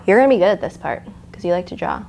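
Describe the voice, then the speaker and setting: A woman's voice: fairly low pitch, expressive, very fast, gravelly, darkish tone, slight background noise. A woman leading a live lettering lesson, chatty and encouraging, with fillers and restarts. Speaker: art instructor.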